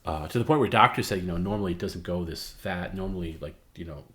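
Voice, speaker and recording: Man, middle-aged, very low voice, casual storytelling, candid, meandering. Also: quick pace. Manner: candid, meandering, often trailing off softly. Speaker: livestream host.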